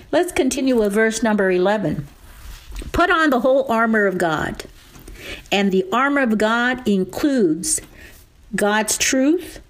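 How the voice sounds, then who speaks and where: A woman leads a weekly Bible teaching, and her voice sits a little high. She takes her time over each verse and lets the words land one by one. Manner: slow, deliberate scripture reading. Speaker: preacher. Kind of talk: radio Bible teaching sermon.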